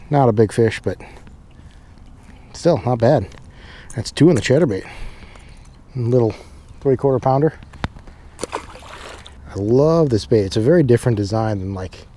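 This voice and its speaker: Some hiss or hum accompanies this mid-range voice of a young fishing-channel host, chatting into a camera mic by a pond during rain. The talk is easygoing vlog material, cheerful and excited when fish are caught.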